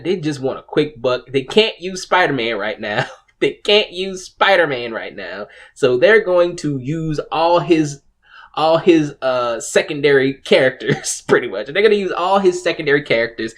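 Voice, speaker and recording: Male host, casual rant, mid-range voice, loose and profane, lots of restarts. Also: mid-range voice. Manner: rambling, profane, frequent restarts and laughs. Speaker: video host. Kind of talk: casual ranting commentary.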